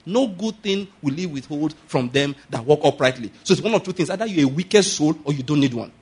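A man pastor preaching a sermon, swinging between quiet asides and sudden loud, high emphasis. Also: lively intonation, brisk, husky. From Nigeria.

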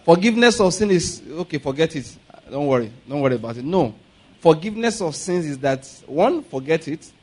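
A pastor with a notably high voice delivers a lively sermon. He mixes humorous asides with laughter and leads his listeners in repeated declarations. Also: a little fast, breathy edge. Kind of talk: sermon with call-and-response.

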